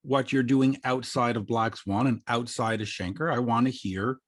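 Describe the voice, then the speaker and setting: A man's voice: mid-range voice, steady tone, moderate pace. A male interview host on a video call, talking with enthusiasm and often stumbling and repeating words. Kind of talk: casual interview chat.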